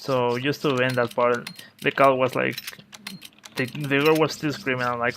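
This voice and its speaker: A man giving casual let's-play commentary, telling a story in a halting, rambling way with many restarts. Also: medium pitch, rough recording. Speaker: gaming video host. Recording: steady game noise behind voice. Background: video game sounds.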